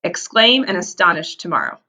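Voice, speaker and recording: A woman's voice: on the low side, very animated, fairly quick, sharp tone. A woman teaching a vocabulary lesson to young children, stretching out key words for emphasis.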